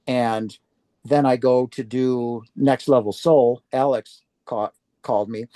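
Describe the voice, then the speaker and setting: An older man from Wisconsin speaks as an interview guest, recounting his own story in an earnest, heartfelt way. His voice is warm and mellow, and it comes across close and dry with little room sound. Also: medium pitch, fairly even intonation, slow pace, no echo. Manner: earnest, heartfelt, acts out quoted speech.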